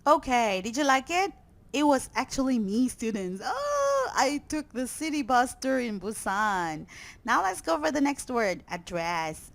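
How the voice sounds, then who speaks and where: A woman's voice: sits high, sing-song, measured pace, gravelly. A woman teaching English vocabulary to students, often checking in with "okay?" and praising answers.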